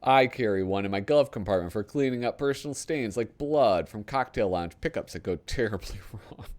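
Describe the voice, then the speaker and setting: A brash, fast-talking TV pitchman, as a man puts him on while reading a parody ad aloud. His patter is pushy and hard-selling, and it runs low in pitch but swings up and down a lot. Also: animated, darkish tone, natural voice.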